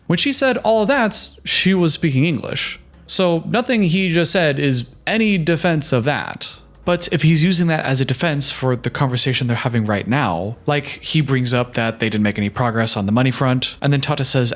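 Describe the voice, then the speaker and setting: A man's voice: medium pitch, lively intonation, normal speed, fairly bright tone. A young man hosting a reaction video, giving a heated, sarcastic recap of a TV show. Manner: heated, sarcastic, mocking quoted voices. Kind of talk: opinionated TV recap commentary.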